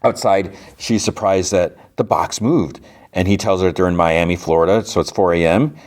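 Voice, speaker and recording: Deep-voiced man recapping an episode. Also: moderate pace, a little mellow. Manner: chatty retelling, quoting characters with lots of fillers. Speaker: podcast host.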